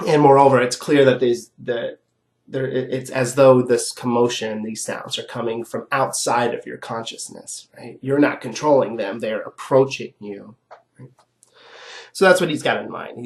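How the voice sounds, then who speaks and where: A medium-pitched man sounding sick and hoarse delivers a recorded philosophy lecture. He lays out each step in a chatty way and keeps checking in with listeners by saying "right?".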